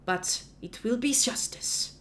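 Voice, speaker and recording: A woman's voice: on the high side, fairly bright tone, slight background noise. A woman playing a stern female archbishop. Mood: solemn. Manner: formal, measured pronouncements.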